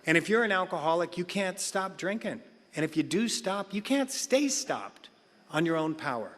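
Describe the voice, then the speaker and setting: A man voicing a calm, kind young male sponsor who speaks quietly and plainly. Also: normal speed. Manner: quiet, low, matter-of-fact. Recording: reverberant hall sound.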